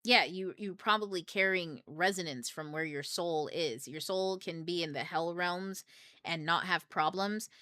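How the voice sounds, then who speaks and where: Bright, profane young woman host. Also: on the low side, measured pace, no echo, studio quality. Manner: rambling, profane, joking. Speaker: book club host. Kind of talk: casual livestream talk.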